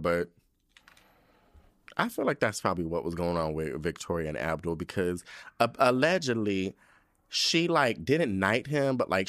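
A man's voice: dry recording, clean studio sound. Profane, gossipy male podcast host. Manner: profane, gossipy, animated, swinging pitch. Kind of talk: casual comedic monologue.

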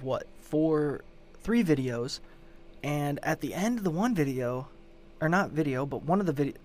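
A man's voice: fairly high pitch, a little mellow. A man hosting a show, giving a casual, rambling recap of a true-crime story and swearing in exasperation as he goes. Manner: profane, exasperated, rambling retelling. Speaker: show host.

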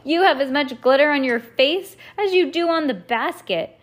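A woman's voice: high voice, lively intonation, normal speed, voice pushed up. Cheeky little schoolgirl teasing her classmate, storybook, woman reading.

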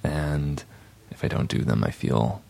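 A young man answers in short, understated replies. His voice is extremely deep and full of fry. It is recorded dry and close. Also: a little slow, no room sound. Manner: terse, flat, understated answers. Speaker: guest. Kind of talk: casual interview chat.

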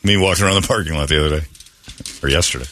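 A man hosting a morning radio show, telling stories in animated, joking banter with his co-hosts. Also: very deep voice, rapid-fire, background noise. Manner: animated storytelling, frequent laughter. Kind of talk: casual banter.

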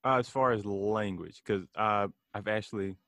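Man with a low voice, dry sound. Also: normal speed, no echo. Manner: relaxed, conversational, asks questions. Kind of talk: casual conversation.

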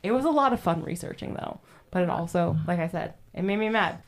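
A young woman hosts a podcast, chatting casually and profanely about history in a true-crime style, laughing often and acting out what people said. Her lowish voice is animated and a little fast.

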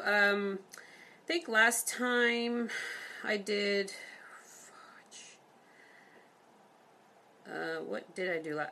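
A woman's voice: medium pitch, bright, forceful tone. Chatty woman hosting a poetry call. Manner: chatty, full of fillers, reads rhymes briskly. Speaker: host of a poetry session. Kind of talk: casual chat and poetry reading.

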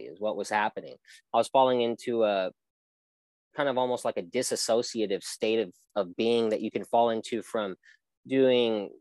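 Speaking as a guest in a casual interview, a young man gives personal testimony in an earnest, wandering way, often starting over. The low-quality recording has no echo and catches his lowish, slightly mellow voice.

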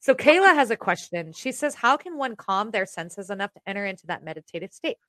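A woman co-hosting a casual chat, talking quickly and rambling, often trailing off quietly. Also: mid-range voice, big pitch swings, no room sound, clean studio sound. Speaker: co-host.

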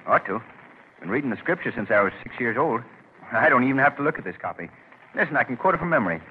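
A man's voice: mid-range voice, animated, fast, lightly acted. A man playing a modest, plain-spoken young printer from Vermont with a rural New England accent, in a 1940s radio drama. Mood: confident. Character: earnest young male country printer from Vermont. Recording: tinny lo-fi old radio broadcast with faint hiss.

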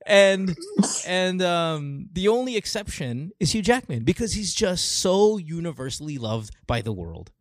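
A man from the Philippines hosting a call-in talk show, chatting animatedly and working through examples with quick restarts. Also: high voice, big pitch swings, no room sound, clean studio sound. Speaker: radio show host. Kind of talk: casual chat with callers.

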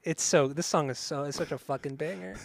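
A man's voice: fairly high pitch, brisk, gravelly. A man co-hosting a casual music podcast, swearing freely and sometimes singing along. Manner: profane, bursts into singing along. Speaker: podcast co-host.

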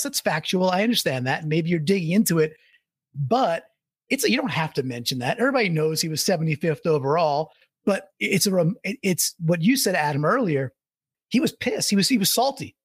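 A man's voice: high-pitched, breathy edge, no echo, clean studio sound. A man co-hosting a casual sports talk show, rambling and laughing as he talks. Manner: rambling, restarts, laughs while talking. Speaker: sports podcast co-host.

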